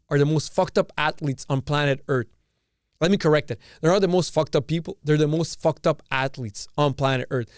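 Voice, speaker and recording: Man, podcast host, from canada, ranting, profane, smooth voice, slightly high pitch, dry close sound. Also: brisk, no echo. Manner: ranting, profane, repeats and restarts phrases. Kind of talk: casual opinion monologue.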